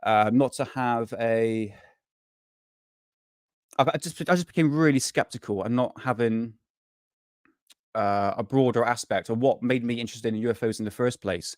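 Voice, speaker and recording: A man's voice: medium pitch, normal speed, pauses often, darkish tone, no room sound, studio quality. Rambling guy on a live stream. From United Kingdom. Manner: rambling, swears freely, greets chat viewers. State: burnt out. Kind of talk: casual live stream chat.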